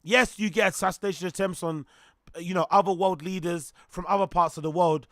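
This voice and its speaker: A man hosts a casual reaction stream, excitable and rambling, often breaking into laughter. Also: sits high, a little fast, dry recording, studio quality. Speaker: streamer host.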